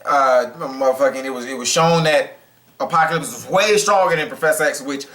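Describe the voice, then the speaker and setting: Bright, emphatic man defending a movie. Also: medium pitch, brisk, echoey room. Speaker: movie reviewer co-host. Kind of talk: casual chat.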